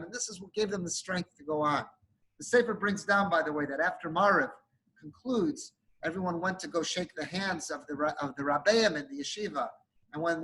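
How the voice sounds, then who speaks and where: High, bright-voiced rabbi telling a story. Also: male voice, rough recording. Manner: emotive storytelling, sprinkled with Hebrew and Yiddish terms. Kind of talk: sermon storytelling.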